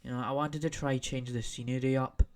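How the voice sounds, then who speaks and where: A man's voice: mid-range voice, little pitch movement, fairly quick, a little mellow. A young Scottish man hosting a solo podcast, rambling off on tangents and repeating himself as he talks. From Scotland. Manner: rambling, tangent-prone, repetitive. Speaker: podcast host.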